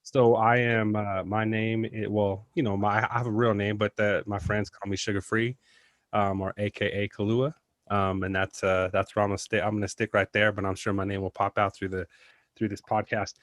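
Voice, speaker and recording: A man guest on a podcast over a video call, relaxed and measured, with many "you know" fillers. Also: lowish voice, dry recording. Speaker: podcast guest, communications professional. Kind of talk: casual conversational podcast chat. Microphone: video call mic.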